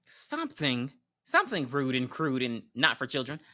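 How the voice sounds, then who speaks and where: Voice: mid-range voice, moderate pace. A podcast co-host recapping a horror movie in casual, slangy chat, telling it with laughs and acted-out lines. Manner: animated storytelling, laughs often, slangy and profane.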